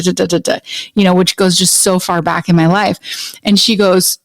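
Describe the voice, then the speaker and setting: A woman's voice: on the low side, flat delivery, moderate pace, creaky, no room sound. A woman hosting a podcast interview, speaking earnestly and confidingly in casual chat. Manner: earnest, confiding, talks in long runs. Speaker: podcast host, coach.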